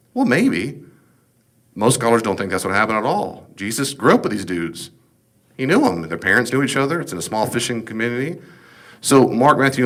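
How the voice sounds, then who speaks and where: A man's voice: lowish voice, fairly bright tone. A man teaching a Bible lesson as a pastor, in a conversational, emphatic style full of rhetorical questions.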